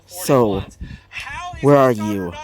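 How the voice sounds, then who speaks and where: A man's voice: fairly low pitch, drawn-out words, darkish tone, pitched below the performer's own voice. A man doing a curt female knight.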